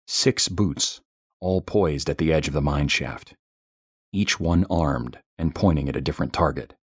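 A man with an extremely low, husky voice reads a first-person horror story in a tense, measured way. The recording is dry and close, with no room sound. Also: no room sound. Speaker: narrator.

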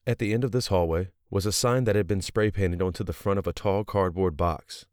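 A man with a very deep voice reads a story aloud in a steady, even narrating manner. The recording is dry and close, with no room sound. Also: brisk, smooth, no echo. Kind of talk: audiobook narration.

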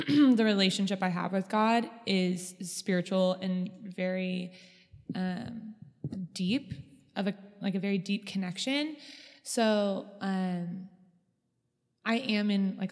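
A woman's voice: medium pitch, takes it slowly, a little mellow. Earnest young woman in a reverberant room. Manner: earnest, thoughtful, many ums and likes. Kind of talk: casual chat. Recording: long hall reverb.

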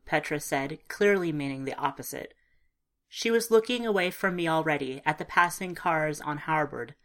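A woman narrating a first-person story in a calm, measured, understated way. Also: low voice. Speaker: audiobook narrator.

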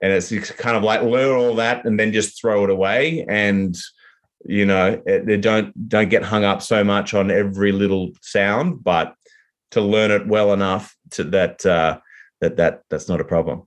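An Australian man speaking in a fairly low voice in a relaxed interview. He rambles through his answers, full of fillers, restarts and loose asides. He sounds like an actor talking about his work. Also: normal speed. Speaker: actor guest. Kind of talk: casual interview.

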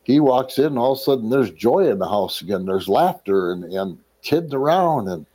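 A middle-aged man from Wisconsin gives a personal testimony, retelling his life in a storyteller's flow. His voice is mellow and warm, at an ordinary pitch for a man. He slips into the voices of the people he quotes and clears his throat now and then. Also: expressive, moderate pace. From Wisconsin, USA. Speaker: ministry leader telling his life story.

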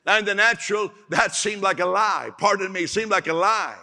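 A male pastor preaching with animated energy, his bright voice sitting a little high. He acts out other people's voices and laughs often. The sound carries a long reverb from a large hall. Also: moderate pace. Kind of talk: sermon.

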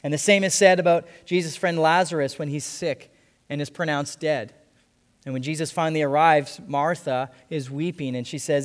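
A man preaching a sermon as pastor, earnest, repeating key phrases and slowing down to stress them. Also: fairly high pitch, steady tone. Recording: long hall reverb.

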